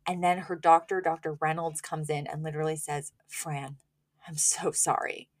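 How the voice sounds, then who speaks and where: A woman's voice: sits low, fairly even intonation, moderate pace. Chatty woman podcast co-host. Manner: chatty, laughs often, acts out scenes. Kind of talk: casual recap chat.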